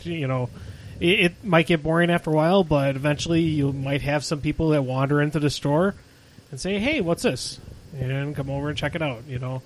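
A man co-hosting a casual podcast who gives steady, plain-spoken advice, with frequent you-knows. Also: fairly high pitch, brisk, slight background noise, rough recording. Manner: steady, repetitive advice with you know fillers. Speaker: podcast co-host.

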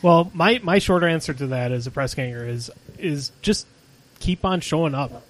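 A man co-hosting a casual podcast who gives steady, plain-spoken advice, with frequent you-knows. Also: fairly high pitch, normal speed, rough recording. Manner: steady, repetitive advice with you know fillers. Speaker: podcast co-host.

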